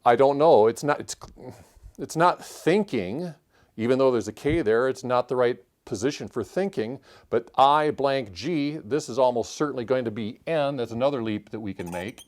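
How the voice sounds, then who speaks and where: A man talks through a word puzzle, thinking aloud in a calm, measured way. He calls out letters and clue numbers one by one as he solves along with the listener. His voice sits at an ordinary middle pitch for a man. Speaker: puzzle-solving channel host.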